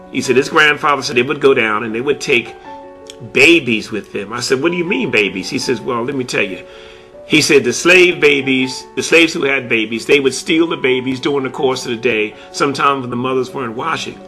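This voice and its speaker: A man's voice: medium pitch, moderate pace, bright, forceful tone, faint music behind. A man telling a story about a conversation he had while collecting artifacts, repeating "he said" as he retells it. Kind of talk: spoken storytelling.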